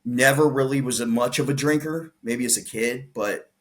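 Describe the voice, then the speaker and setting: A man's voice: mid-range voice, moderate pace. A man, a podcast guest, telling his story in casual conversation, acting out the lines of the people in it. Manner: animated retelling, acts out quoted dialogue, frequent restarts.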